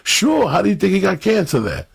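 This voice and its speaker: A man's voice: sits high, wildly swooping pitch, a little fast, vocal fry, breathy edge, no echo. A man, a stand-up comedian, telling crude, profane stories on a podcast and laughing at his own jokes.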